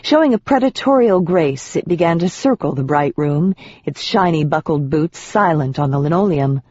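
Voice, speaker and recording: An audiobook narrator telling a first-person fantasy story in a measured, even voice of middling pitch. The recording is dry, with no room sound at all, and slightly dull and muffled. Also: no room sound.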